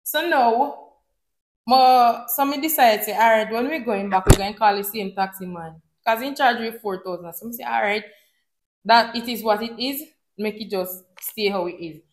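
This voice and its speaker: A woman's voice: fairly high pitch, moderate pace, reverberant, a little hiss or hum. Jamaican woman telling a story in patois. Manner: animated, mixes patois and English. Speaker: vlogger. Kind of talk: casual storytime chat.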